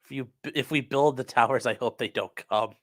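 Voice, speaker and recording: Reading his viewers' comments aloud, a man hosts a laid-back livestream full of jokes and rambling. He speaks fairly quickly in a medium-pitched voice with a fairly bright tone.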